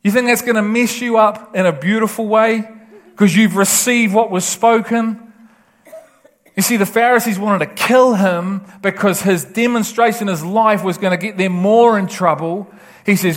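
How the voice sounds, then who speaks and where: A man's voice: sits high, normal speed. A man preaching a sermon with passion, often laughing and acting out the voices he quotes. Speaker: pastor.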